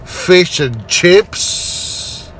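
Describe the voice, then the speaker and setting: A man reviewing restaurant food in a casual vlog, excitable and playful, punning and breaking into high exclamations. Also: drawn-out words, a little hiss or hum.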